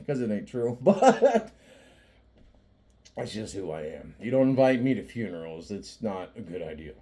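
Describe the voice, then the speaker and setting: A man's voice: on the low side, big pitch swings, a little slow, dark tone. A man talking in a casual, rambling monologue, joking and cursing a lot and often laughing as he goes. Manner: rambling with frequent restarts and fillers. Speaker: vlogger.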